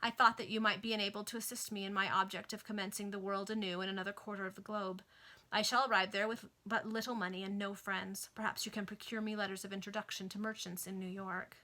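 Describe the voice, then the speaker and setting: A desperate returned convict who pleads and speaks bitterly, as read aloud by a woman. The voice is bright. The delivery is plain storybook reading, not a heavy character voice. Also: mid-range voice, little pitch movement, fast talker, lightly acted.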